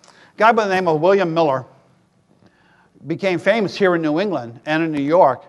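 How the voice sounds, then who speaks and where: A middle-aged man preaching in a loose, joking sermon voice that sits fairly high. He talks to the congregation like a friend, then rises to loud emphatic peaks. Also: lively intonation, moderate pace. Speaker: pastor.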